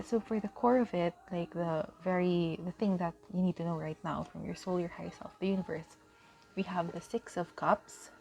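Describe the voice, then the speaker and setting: A young woman giving a pick-a-card tarot reading to camera, emotional and halting, with many pauses and fillers. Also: fairly low pitch, darkish tone.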